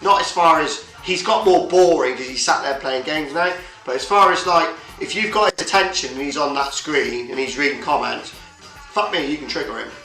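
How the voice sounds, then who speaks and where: Bloke ranting on a stream, loads of swearing, echoey room. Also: male voice, a little high, moderate pace, sharp tone. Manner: sweary, rambling, colloquial. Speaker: livestream host. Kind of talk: casual chat. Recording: roomy echo, faint music behind.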